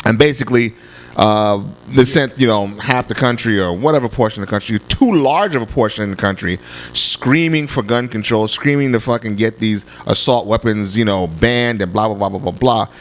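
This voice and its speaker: A male podcast host talking casually and crudely, with many halting fillers. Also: on the low side. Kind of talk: casual radio talk.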